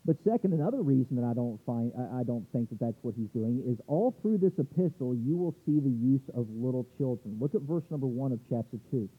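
A man's voice: mid-range voice, animated, fairly quick, few pauses, breathy edge. A male pastor preaching a sermon, reading scripture verses aloud and stumbling over restarts as he explains. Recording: tinny phone-like sound.

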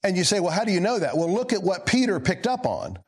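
A male pastor giving a sermon, swinging between emphatic lines and low quiet asides, putting questions to the congregation. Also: huge pitch swings, quick pace, breathy edge.

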